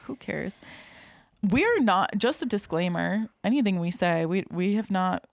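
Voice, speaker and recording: A woman's voice: mid-range voice, animated, unhurried, gravelly. A woman hosting a podcast, chatting casually in a loose, joking way and swearing freely. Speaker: podcast host. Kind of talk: casual chat.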